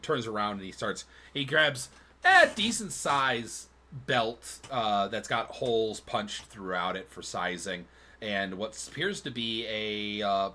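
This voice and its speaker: A man's voice: lowish voice, bright, forceful tone. A man narrating a tabletop game as game master, in a loose, rambling way with many fillers.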